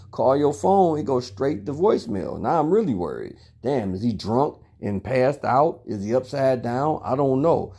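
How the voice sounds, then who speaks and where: In a medium-pitched, dark voice with a sing-song rhythm, a middle-aged dad speaks at a moderate pace with hardly any pauses. Indoors at home, he addresses a long, rambling, profanity-laced story to his son in a recorded monologue.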